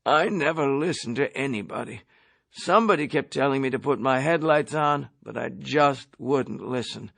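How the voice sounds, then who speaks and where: Male reader voices a stubborn boozy airman, rough and raspy-edged, audiobook. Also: medium pitch, moderate pace, a bit bright, no echo. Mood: rueful.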